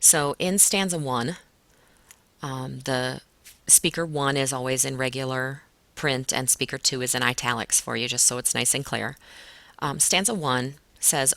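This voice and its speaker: Low, gravelly-voiced woman teacher. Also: unhurried, dry recording. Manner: relaxed, explanatory, frequent "um" fillers. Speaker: English teacher. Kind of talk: recorded classroom lesson walkthrough.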